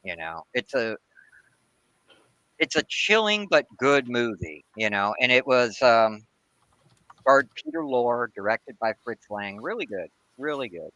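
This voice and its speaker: A man's voice: mid-range voice, very animated, unhurried, pushed and bright, no room sound, rough recording. A man chatting casually and enthusiastically on a live stream, throwing in "dude" and "man.". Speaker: comic club co-host. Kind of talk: casual chat. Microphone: home mic on a video stream.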